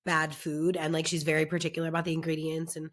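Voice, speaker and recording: A woman's voice: deep voice, completely flat delivery, fast. A young adult woman co-hosting a podcast, chatting casually and telling stories with lots of fillers, her voice worn from lack of sleep. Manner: chatty, storytelling, says like a lot. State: lost her voice from not sleeping. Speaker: podcast co-host. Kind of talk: casual chat.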